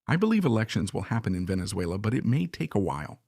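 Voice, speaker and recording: A man with a gravelly edge to his voice delivers opinionated commentary, leaning hard on his points and stacking rhetorical questions. The sound is close and dry, with no room around it. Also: lowish voice, very animated, a little fast, long pauses, warm tone, no room sound. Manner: emphatic, repeats points and fires rhetorical questions. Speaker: political commentator. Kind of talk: opinionated current-affairs commentary.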